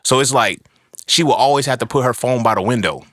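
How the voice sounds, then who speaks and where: A man's voice: medium pitch, fairly quick, dry recording, clean studio sound. A young man telling a personal story in a casual, profane monologue, acting out what people said. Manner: animated, profane storytelling with acted-out quotes. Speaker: podcast host.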